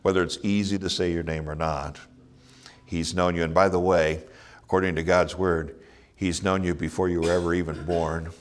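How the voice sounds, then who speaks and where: A middle-aged pastor preaches with earnest conviction. His voice sits a little low, and he leans on rhetorical questions and chuckles softly between points. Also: flat delivery, normal speed. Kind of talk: sermon.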